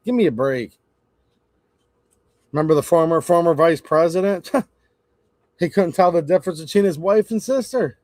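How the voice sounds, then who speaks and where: Male live-stream host with a somewhat high voice and a dry, close sound; blunt, opinionated, casual, chatting to viewers. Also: moderate pace, pauses often, darkish tone, no echo. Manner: blunt, opinionated, talks straight to chat.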